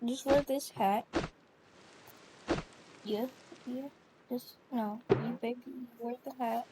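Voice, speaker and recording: A woman with a high voice narrates a pretend play scene, speaking as a chatty, bossy mother figure. The recording is noisy, with hiss and clicks behind her. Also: steady tone, takes it slowly. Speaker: toy role-play narrator.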